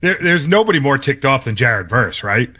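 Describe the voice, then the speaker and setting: Bright-voiced sports radio man. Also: medium pitch, sing-song, moderate pace, slightly rough.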